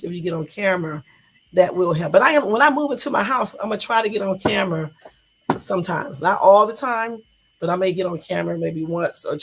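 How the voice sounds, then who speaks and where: A middle-aged woman with a lowish, creaky voice hosts a casual livestream chat, rambling and swearing plenty while answering viewers' comments as they come. There's a little hiss or hum in the recording.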